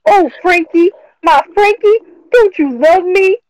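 A woman's voice: very high voice, a little slow, darkish tone, no echo, rough recording. A woman voicing a melodramatic, lovesick young runaway in a put-on Brooklyn accent that drifts Southern. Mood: pleading. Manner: melodramatic, pleading. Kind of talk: let's play voice acting.

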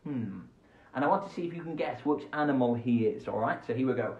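A man's voice: medium pitch, fairly quick. Silly kids' show guy, bouncy up and down voice, echoey dull home recording. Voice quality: playful, silly, goofy. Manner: animated, jumps between voices and asides. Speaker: children's radio host. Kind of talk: live-streamed kids' show. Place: at home beside a window. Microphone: phone camera.

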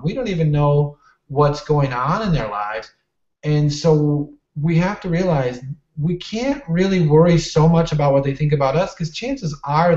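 A man's voice: on the high side, a little mellow, echoey room, highs cut off. A man talking as an interview guest and customer service manager, earnest and explanatory in manner. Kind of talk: casual interview talk.

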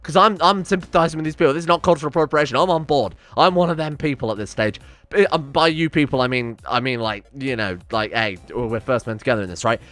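A man's voice: medium pitch, fast, a bit bright, soft background music. A man commenting on his strategy game play, rambling and exasperated, swearing often. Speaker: gaming YouTuber.

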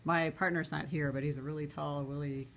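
A woman telling a group, in a casual and lively way, about going door to door. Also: low voice, fairly quick, slight background noise. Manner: lively, laughing storyteller. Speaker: training participant.

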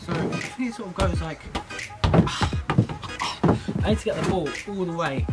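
A young man chatting excitably and joking through a challenge vlog. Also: high voice, normal speed. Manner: excitable, chatty, jokey self-commentary. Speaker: YouTuber. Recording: echoey room with loud music behind.

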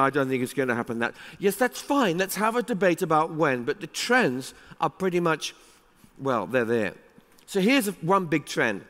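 A man delivering a conference keynote with lively, emphatic energy, his voice sitting high for a man. The sound carries a long reverberant tail from a large hall around him. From England. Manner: animated, emphatic, with rising exclamations. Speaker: keynote speaker.

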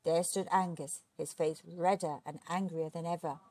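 A woman reading a children's storybook aloud, expressive and steady. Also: lowish voice, moderate pace, no echo. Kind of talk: children's book read aloud.

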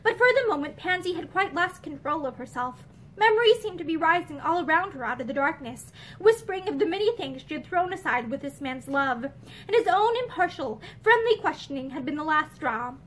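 A woman reads an old novel aloud with expressive, measured narration. Her voice is high-pitched and moves widely in pitch. She is recorded indoors among bookshelves. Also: slight background noise. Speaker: reader.

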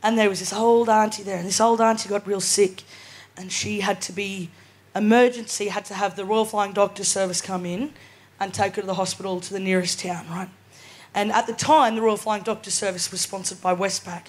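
A woman's voice: medium pitch, fairly even intonation, brisk. A woman in her twenties with an Australian accent, performing chatty stand-up comedy at a live venue and laughing often as she tells her stories. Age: 20s. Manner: chatty, laughing storyteller, keeps asking "right?".

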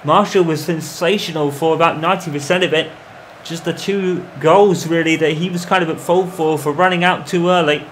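A man commentating on his own football video game in the manner of a match broadcaster, calling the play and getting loud at goals. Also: on the high side, steady tone, normal speed, slight background noise. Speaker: gaming commentator. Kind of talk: mock football match commentary over gameplay.

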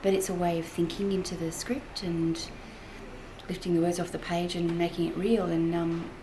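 A woman's voice: fairly low pitch, flat delivery, moderate pace, noisy background. A middle-aged woman, a voiceover artist giving her blunt opinion in a chatty, frank way. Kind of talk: mockumentary interview.

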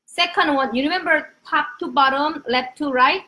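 A young woman with a Korean accent leads a casual live-streamed Korean lesson in a high voice. She is animated and drills each word over and over for pronunciation. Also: normal speed. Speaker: Korean language teacher.

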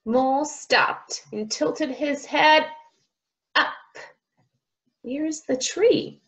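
A woman speech teacher reading a picture book aloud to young children, sounding out words slowly and with exaggeration. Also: high-pitched, a bit bright, rough recording.

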